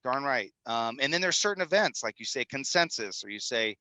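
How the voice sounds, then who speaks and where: A man's voice: medium pitch, lively intonation, brisk, pushed and bright, no room sound, poor audio. A man in his fifties, a film executive producer, talking energetically and a bit rambling as a podcast guest. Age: 50s. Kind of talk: animated podcast interview talk. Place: studio in Utah.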